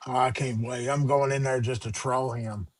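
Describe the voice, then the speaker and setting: A man's voice: mid-range voice, fairly even intonation, normal speed. A man co-hosting a podcast, blunt and swearing freely in casual chat.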